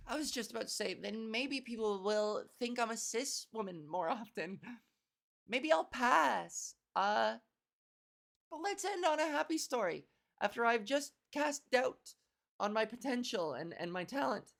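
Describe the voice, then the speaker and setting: A woman's voice: on the high side, animated, vocal fry, a bit bright. A young woman from Canada hosting a podcast, telling a comic story in a casual, self-deprecating way with frequent laughter and a buzzy edge to her voice. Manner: self-deprecating, laughs often, acts out quick exchanges. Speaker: podcast host. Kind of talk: casual comedic monologue.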